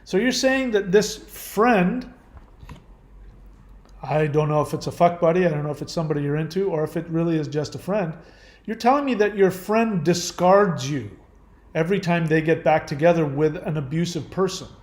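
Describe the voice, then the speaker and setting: An older man hosting his own channel, giving blunt, profane advice in a casual monologue full of sharp rhetorical questions. He trails off and restarts as he muses. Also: a little high, moderate pace, echoey room. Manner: trails off and restarts often when musing. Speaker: channel host answering viewer questions.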